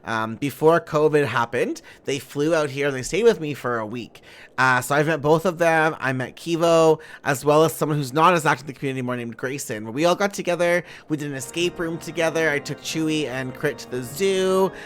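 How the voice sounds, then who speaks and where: A woman's voice: low voice, fairly quick, faint music behind. A young woman streaming a game, chatting in a playful, bubbly way, giggling and swearing freely. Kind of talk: casual live-stream chat while gaming.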